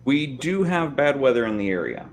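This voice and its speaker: A man's voice: medium pitch, very animated, moderate pace, over a noisy crowd. A man co-hosting a podcast, chatting casually with wry jokes. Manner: joking, wry asides. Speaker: podcast co-host. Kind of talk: casual chat.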